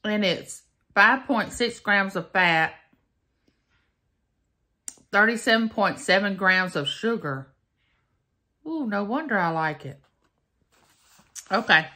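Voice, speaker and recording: A woman's voice: medium pitch, expressive, takes it slowly, long pauses, pushed and bright. A woman, chatting folksily to her viewers in a casual taste-test vlog. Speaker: vlogger.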